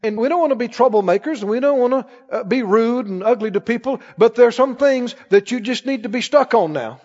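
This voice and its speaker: A man pastor preaching a sermon emphatically, rising to shouts and dropping to quick asides. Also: very high voice, expressive. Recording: dull sound with long church reverb.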